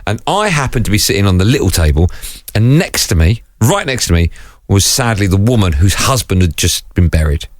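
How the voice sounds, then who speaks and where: A man's voice: fairly low pitch, sing-song, brisk, dry recording, studio quality. A man co-hosting a podcast, telling an anecdote in casual chat, laughing often and moving his hands as he talks. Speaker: podcast co-host.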